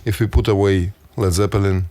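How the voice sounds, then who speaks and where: Russian radio guy asking questions, halting english, lowish voice. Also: steady tone, dark tone. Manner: halting, non-native phrasing. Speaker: radio interviewer.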